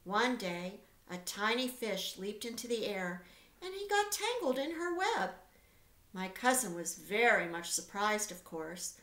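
A wise and kind female spider, played by a woman reading a children's book, gentle yet firm. Her voice rises a little above the reader's own and moves in a lively way. A roomy echo surrounds it. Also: mid-range voice. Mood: storytelling.

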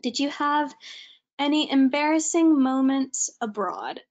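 Chatty young American woman, fairly high. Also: measured pace, a little mellow. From California. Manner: chatty and informal. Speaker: student presenter. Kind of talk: casual online presentation.

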